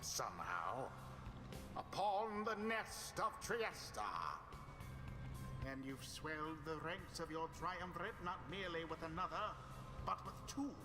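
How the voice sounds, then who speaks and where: A grand, ominous voice that intones measured lines in a game. It rings with long reverb in a big space, and music swells clearly behind it. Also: male voice, on the high side, animated. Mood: solemn.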